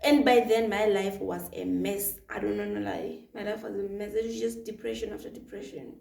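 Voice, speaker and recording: A young woman, telling a personal story in a chatty, expressive vlog full of fillers. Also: mid-range voice, fairly quick, vocal fry, recorded from a distance. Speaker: vlogger. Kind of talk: casual storytime chat. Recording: echoey room, voice off-mic.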